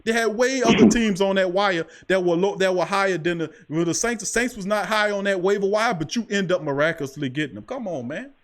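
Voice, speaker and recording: A man's voice: high voice, a little fast, hardly any pauses. A man hosting a sports talk show, speaking in an impassioned, preachy way and repeating himself for emphasis. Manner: preachy, emphatic, repeats "I'm telling you". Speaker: podcast host.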